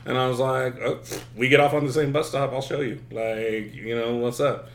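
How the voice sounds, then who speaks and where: A man's voice: medium pitch, steady tone, normal speed, reverberant. A man hosting a podcast, telling stories in casual chat, rambling with many fillers and cursing freely, recorded in a hotel room. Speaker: podcast host.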